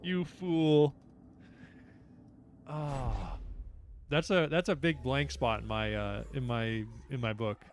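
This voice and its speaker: A man's voice: mid-range voice, measured pace, a little hiss or hum. A man streaming a geography guessing game, talking to himself, self-mocking and blurting out at his misses. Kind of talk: live game commentary.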